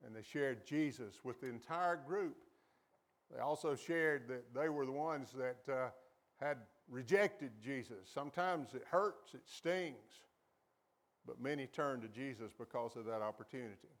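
A man preaching a sermon as a pastor, calling on the congregation to repeat after him and acting out quoted voices with sudden high jumps in pitch. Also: expressive, unhurried.

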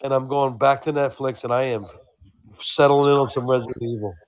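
A man's voice: medium pitch, fairly even intonation, fairly quick, clear, resonant tone. A man co-hosting a podcast by phone from his couch, dry and profane in casual banter. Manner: dry, profane, talks over his partner. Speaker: podcast co-host. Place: on a couch at home. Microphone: phone on his chest.

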